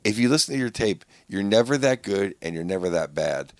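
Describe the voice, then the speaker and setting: A man's voice: fairly low pitch, animated, a little fast, no room sound. A man who is a comedian, guesting on a podcast, talking in a rambling, repetitive way and jumping into quoted voices. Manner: rambling, repeats himself, jumps to quoted voices. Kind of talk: casual podcast chat.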